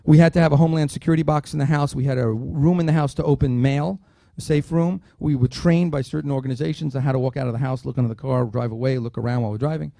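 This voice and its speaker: Speaking quickly with hardly any pauses, this keynote speaker has a medium-pitched, gravelly voice. At a dinner, he tells an animated story with humorous asides, acting out dialogue in quotes. No echo.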